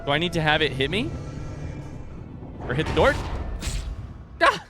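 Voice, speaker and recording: Young male gaming streamer, quick jokes and curses, lively, bright, high-ish voice. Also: music in the background. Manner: animated, joking, swearing, talks to the game. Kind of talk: casual gaming commentary.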